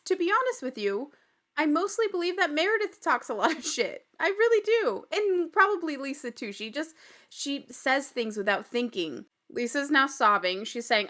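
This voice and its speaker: A woman recaps a reality show on her podcast in a chatty, gossipy way, her voice sitting a little high. She talks casually and often slips into laughter. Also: bright, forceful tone. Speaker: podcast host.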